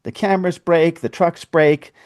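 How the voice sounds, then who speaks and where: A man's voice: on the high side, fairly even intonation, moderate pace, darkish tone, clear, resonant tone. A man who is a podcast guest, telling a long story in casual conversation. He laughs often and acts out the dialogue of the people in it.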